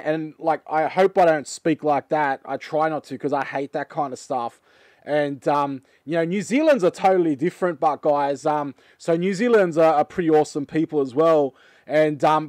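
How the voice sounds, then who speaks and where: An Australian man hosting his gaming channel, chatting casually with lots of fillers and excited outbursts. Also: on the high side, moderate pace, no echo. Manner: rambling, filler-heavy and excitable. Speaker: channel host. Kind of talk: casual chat reacting to a game trailer.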